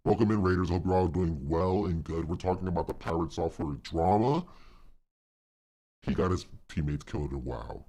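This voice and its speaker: A man putting on a booming bottomless streamer voice. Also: normal speed, mellow. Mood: booming mock-serious. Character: deep-voiced impression of a male streamer. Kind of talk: live stream reaction.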